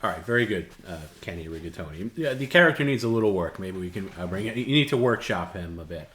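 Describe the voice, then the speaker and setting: A man's voice: low voice, expressive, fast, a bit bright. A man co-hosting, teasingly critiquing a character voice in casual chat. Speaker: co-host coaching a voice bit.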